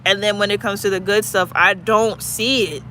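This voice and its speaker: High bright guy just musing out loud, lots of likes, faint street noise around. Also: steady tone, moderate pace. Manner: loose and musing, many "like" fillers. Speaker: channel host. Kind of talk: casual reflective chat.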